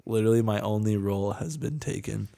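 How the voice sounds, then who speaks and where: A man's voice: fairly low pitch, brisk, gravelly, mellow. A young man co-hosting a casual podcast, telling a rambling, jokey story full of "dude" and "man". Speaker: podcast co-host. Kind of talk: casual chat.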